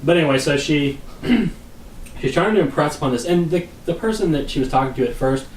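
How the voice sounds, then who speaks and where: A man co-hosting a podcast, telling a long casual story in a rambling way, often clearing his throat and laughing at his own tale. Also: fairly high pitch, animated, brisk, roomy sound, far from the mic, slight background noise, low-quality recording. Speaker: podcast co-host.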